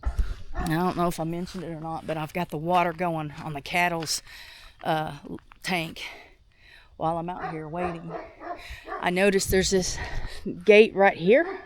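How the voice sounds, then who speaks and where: A woman vlogging outdoors on her farm while doing chores, sick and a little out of breath, thinking out loud with many restarts. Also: fairly low pitch, steady tone, measured pace, long pauses, a little hiss or hum. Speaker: homestead vlogger.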